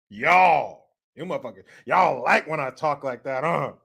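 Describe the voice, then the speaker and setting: A man's voice: a little high, unhurried, vocal fry, a bit bright. Profane, mocking male commentary host. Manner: mocking, profane, laughing often. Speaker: show host. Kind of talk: profane political commentary rant.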